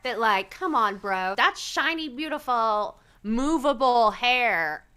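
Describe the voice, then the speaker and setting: A sassy woman chatting on a livestream, her voice high and very lively. She sounds bright and animated as she talks from an airport. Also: takes it slowly, smooth. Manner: sassy, animated, laughs often. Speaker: livestream co-host. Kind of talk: casual chat.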